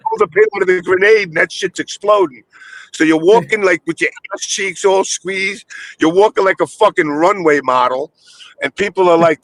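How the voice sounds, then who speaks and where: A man streamer telling a crude story in casual chat, animated, with put-on voices for the people in it. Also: high-pitched, normal speed, poor audio.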